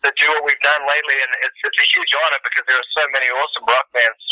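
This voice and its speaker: A man's voice: medium pitch, level tone, racing, bright, forceful tone, dry recording, poor audio. A man from New Zealand with a New Zealand accent, a musician talking enthusiastically by phone in a friendly interview. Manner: enthusiastic, friendly, with many fillers. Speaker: guest musician. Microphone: telephone line.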